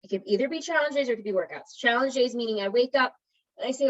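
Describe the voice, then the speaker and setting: A woman's voice: on the high side, racing, lo-fi sound. A woman wellness coach giving a conversational motivational talk to an online group, encouraging and often checking in with her listeners.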